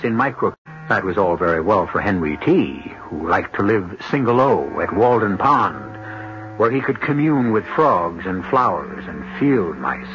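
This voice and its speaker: A man hosting a radio mystery show, giving scripted introductions in a measured, wry manner with dramatic pauses. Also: deep voice, very animated, fairly bright tone. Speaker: host. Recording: dull old radio broadcast with music.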